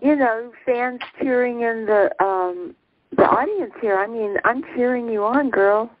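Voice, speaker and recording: A woman's voice: fairly high pitch, unhurried, no echo. A woman calling in to a show, chatting in an enthusiastic, encouraging way. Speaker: caller. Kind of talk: casual chat. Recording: tinny phone line.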